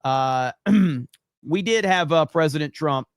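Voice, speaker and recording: A man hosting a livestream, reacting to clips with sarcastic, animated commentary. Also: a little high, slow, smooth, no echo, studio quality. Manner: sarcastic, animated, mock-quoting, chuckling. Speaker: livestream host.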